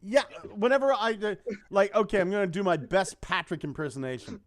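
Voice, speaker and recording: Dude co-hosting a chatty podcast, kinda high voice, swears a ton, reads lyrics and chat comments out loud. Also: male voice, very animated, fairly quick. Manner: swears freely, reads lyrics in a sing-song lilt. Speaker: co-host. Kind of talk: casual podcast chat, reading lyrics and viewer chat.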